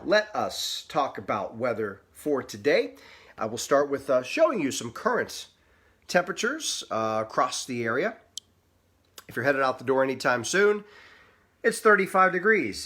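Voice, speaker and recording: Delivering a laid-back weather forecast with a sponsor segment, a medium-pitched man talks in a folksy style. He tends to wander off into little asides.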